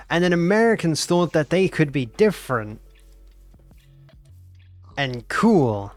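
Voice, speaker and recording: A man's voice: fairly high pitch, sing-song, slow pace, long pauses, no echo, soft background music. A nineteen-year-old man, chatting casually and teasingly as a game streamer reacting to his chat. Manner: playful and teasing, repeats himself.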